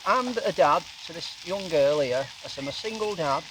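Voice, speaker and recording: A middle-aged man, telling a funny story in an animated way. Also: on the high side, fairly quick. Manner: animated, breaks into quoted voices and laughs. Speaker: guest camper. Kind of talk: casual storytelling by a campfire. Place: outdoors at a lakeside camp. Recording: noisy outdoor recording, sizzling campfire.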